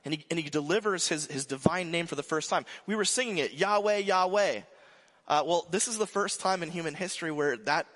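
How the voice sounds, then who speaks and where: A male pastor gives a chatty, animated sermon, often stumbling into restarts and side remarks. His voice sits a little high for a man and rings out with a long hall reverb, as if filling a big sanctuary. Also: quick pace, few pauses. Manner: animated, frequent restarts and asides. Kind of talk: conversational sermon.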